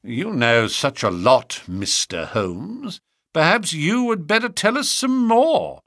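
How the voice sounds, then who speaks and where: A man voicing a defiant, sneering gentleman with a lively pitch. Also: unhurried, no room sound, studio quality, exaggerated voice.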